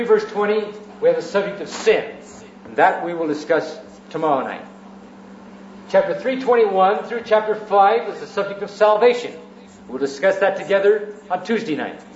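Male preacher, high-pitched, methodical sermon delivery; roomy church recording, a bit dull and hissy. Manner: structured teaching, repeats phrases for emphasis.

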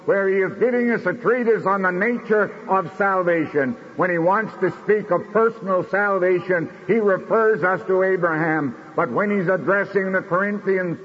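A man preaching a sermon in a measured, declamatory way, slowing down for emphasis. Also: high-pitched, a little hiss or hum. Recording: dull recording in a reverberant hall.

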